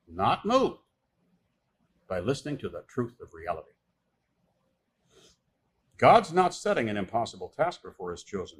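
A man delivers a sermon in a husky voice that ranges widely in pitch. He reads scripture passages aloud, then explains them with emphatic, repeated points. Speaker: pastor.

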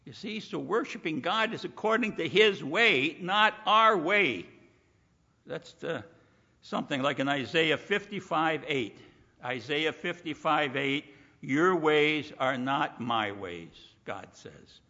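Emphatic male preacher with a gravelly voice. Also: fairly high pitch, expressive, slow pace, pushed and bright. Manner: emphatic, repeats "you see", acts out quoted voices. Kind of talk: sermon. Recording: muffled sound in a hall with long reverb.

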